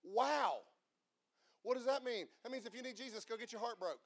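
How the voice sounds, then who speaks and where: High-voiced man preaching a sermon. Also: brisk, no room sound. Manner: call-and-response preaching, swinging from shouts to hushed asides. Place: church service.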